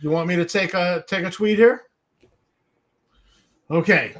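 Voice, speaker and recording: Man, co-host, casual chat, high voice, jokey banter. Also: slow, pauses often, fairly bright tone. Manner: jokey, good-humored banter.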